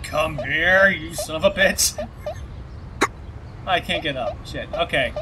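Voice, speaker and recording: A man's voice: a little high, slow pace, noisy background. A man hosting a let's play, giving casual gaming commentary, swearing and laughing at his own moves.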